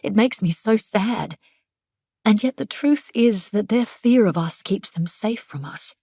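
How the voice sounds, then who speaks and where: A woman's voice: medium pitch, expressive, unhurried, mellow, husky, no echo, studio quality. A woman narrating an audiobook in the first person, intense and emphatic in the dialogue.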